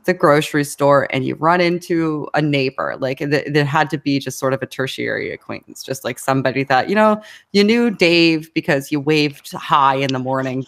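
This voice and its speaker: A woman as an interview guest, talking casually in a rambling way with fillers, restarts and frequent laughs. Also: a bass voice. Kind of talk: casual conversation.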